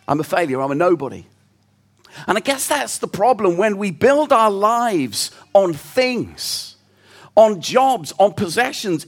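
A man preaching a sermon, telling a story in an earnest, reflective way. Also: sits high.

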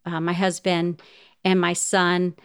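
A woman's voice: fairly low pitch, completely flat delivery, takes it slowly, clean tone. A middle-aged woman hosting a podcast, telling a personal story in a heartfelt way and speaking straight to her listeners. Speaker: podcast host.

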